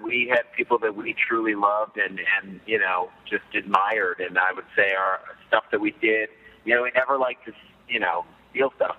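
Upbeat comedian on a tinny phone line. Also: male voice, fairly low pitch. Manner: upbeat, chatty, jokey. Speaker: podcast guest, comedian. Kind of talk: phone-in podcast interview.

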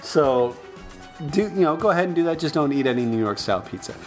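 A man's voice: fast talker, faint music behind. A man co-hosting a casual sports podcast, playful and teasing, with a lot of movement in his voice. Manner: playful, teasing, lively swings in pitch. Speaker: podcast co-host.

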